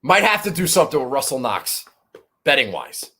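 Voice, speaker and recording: A man's voice: medium pitch, big pitch swings, normal speed, bright, forceful tone, slight background noise. A man hosting a golf betting show, talking casually in a rambling, profane, self-mocking way. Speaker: golf betting podcast host. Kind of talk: casual chat.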